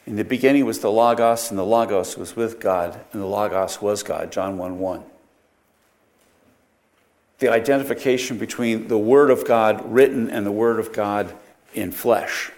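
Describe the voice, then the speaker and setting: A man's voice: on the low side, normal speed, a little mellow. A man teaching a Bible study lecture, explaining verses with frequent rhetorical questions and self-corrections.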